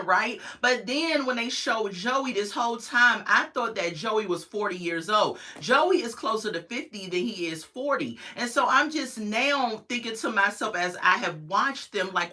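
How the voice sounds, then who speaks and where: A woman's voice: mid-range voice, big pitch swings, a little slow, hardly any pauses, sharp tone. A woman, casually reviewing a reality show on a livestream and chatting with her viewers. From United States. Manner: chatty, opinionated, talks to viewers in chat.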